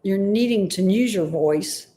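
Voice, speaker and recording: A woman's voice: mid-range voice, unhurried, mellow. A woman giving a live-streamed intuitive reading, tentative and often unsure of the messages she passes on. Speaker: intuitive reader.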